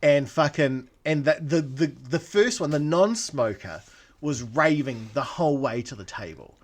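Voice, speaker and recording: A man with a New Zealand accent, co-hosting a podcast and telling stories in an animated, profane, ranting way. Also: fairly high pitch, measured pace. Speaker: podcast co-host. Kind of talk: casual storytelling chat.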